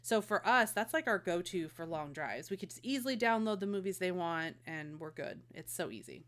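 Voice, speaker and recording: Chatty rambling mom, podcast co-host. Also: female voice, fairly low pitch, expressive, a little fast, fairly bright tone. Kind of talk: casual chat.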